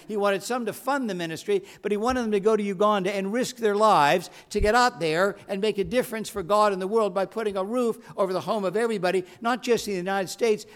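A male preacher giving a sermon, telling a story and building to fervent, emphatic appeals. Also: high voice. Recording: long hall reverb.

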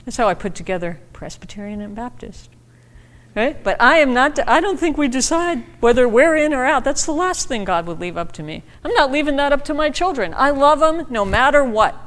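A woman giving a conversational, animated sermon as a guest preacher, her voice often climbing high for emphasis. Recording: long reverb of a large hall.

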